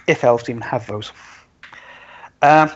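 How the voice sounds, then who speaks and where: A man narrating as game master in a tabletop role-playing game, offhand and relaxed, with many fillers. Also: medium pitch, a little slow, lo-fi sound.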